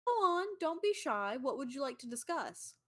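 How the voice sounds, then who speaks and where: A woman's voice: high voice, sing-song, moderate pace, pitched above the performer's own voice. A woman voicing God as a friendly, fumbling man on a video call, sheepish and chatty like a customer-service rep. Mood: apologetic.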